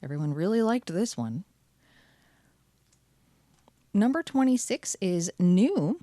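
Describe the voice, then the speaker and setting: A woman's voice: medium pitch, sing-song, takes it slowly, warm tone, no room sound, clean studio sound. A woman hosting her channel, chatting cheerfully through card packs with wry asides. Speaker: channel host. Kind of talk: casual card-opening commentary.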